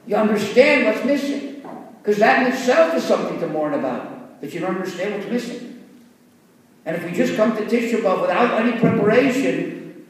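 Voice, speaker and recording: Rabbi lecturing in an echoey hall. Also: male voice, high-pitched, animated, fairly quick, recorded from a distance. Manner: earnest, explanatory, mixing in Hebrew terms. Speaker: rabbi teaching students. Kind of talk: Torah lecture with storytelling.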